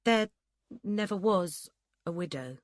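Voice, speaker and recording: A woman's voice: lowish voice, lively intonation, takes it slowly, no room sound, studio quality. A woman voicing a proud, sulky young lad who sounds defiant and pleading.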